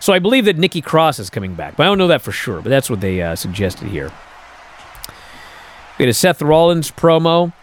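Male host, casual recap, bouncy intonation, soft background noise. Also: on the high side, a little fast. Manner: animated, incredulous storytelling with many fillers. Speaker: podcast host.

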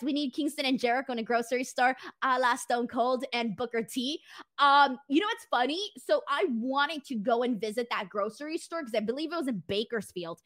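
A woman's voice: on the high side, a bit bright. A woman hosting a casual wrestling recap stream, reading viewer comments in a chatty, rambling way with casual swearing. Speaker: wrestling show host reading chat.

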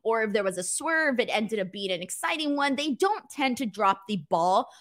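A woman's voice: fairly high pitch, normal speed. A woman hosting a casual wrestling live stream, reading viewer messages with lots of laughter, joking and offhand swearing. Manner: laughs often, swears casually, animated and playful. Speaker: wrestling show host.

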